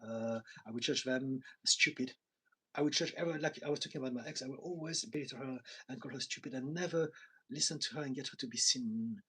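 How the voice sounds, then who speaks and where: A man in his forties speaks as a therapist in a live viewer chat. His voice is husky and slightly breathy, sitting at an ordinary middle pitch. He talks in an earnest, confessional, reflective way. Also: fast, bright, forceful tone, rough recording. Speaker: therapist and coach.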